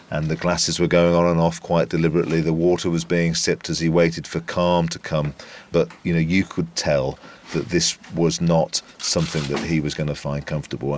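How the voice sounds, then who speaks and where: A man working as a reporter, asking questions and describing a scene in a deliberate, descriptive way. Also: low-pitched, a little hiss or hum. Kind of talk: interview and recollection.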